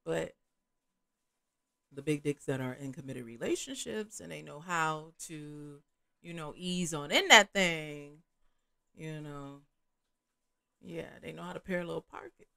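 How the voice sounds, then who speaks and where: A woman's voice: deep voice, vocal fry, sharp tone. A middle-aged woman hosting a casual adult chat, frank and candid, full of fillers and restarts. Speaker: host.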